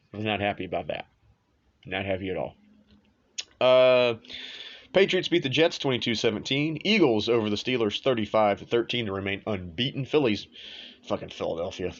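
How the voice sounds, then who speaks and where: A man with a lowish voice runs a casual sports show, blunt and quick to swear, tossing off offhand asides as he goes. The sound is a little dull and lo-fi. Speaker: sports podcast host. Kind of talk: casual sports and betting talk.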